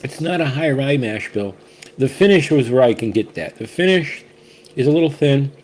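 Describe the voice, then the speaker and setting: A man's voice: mid-range voice, animated, moderate pace, a little mellow, slight background noise. A man hosting a casual whiskey tasting chat, rambling and restarting often as he shares his impressions. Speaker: whiskey reviewer, co-host.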